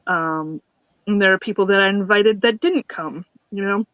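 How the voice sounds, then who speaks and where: A woman's voice: mid-range voice, moderate pace, no echo, lo-fi sound. A woman guest chatting casually and nervously, often repeating and restarting her words. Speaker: guest, newlywed bride. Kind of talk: casual chat.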